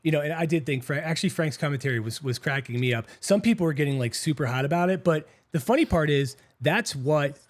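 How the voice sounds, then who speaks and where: A man's voice: on the high side, fast talker, few pauses. A man casually retelling a race he competed in, acting out other people's lines as he goes. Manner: storytelling, acts out quotes in put-on voices. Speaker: podcast host and race competitor. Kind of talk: casual chat.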